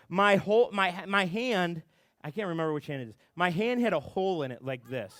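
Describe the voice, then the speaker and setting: A young man speaking as a youth pastor, telling a funny story to a group with lots of fillers and quick restarts. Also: high voice, smooth, no echo, studio quality. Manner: animated storytelling with many fillers.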